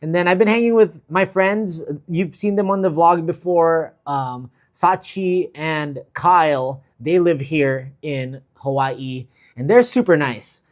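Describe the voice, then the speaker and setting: Man, travel livestream host, casual chat, easygoing, lots of ums, a bit high-pitched. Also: slow pace, hardly any pauses. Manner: easygoing, chatty, many fillers, gives shout-outs. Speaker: travel vlogger hosting a livestream. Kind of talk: casual livestream chat, reading viewer comments.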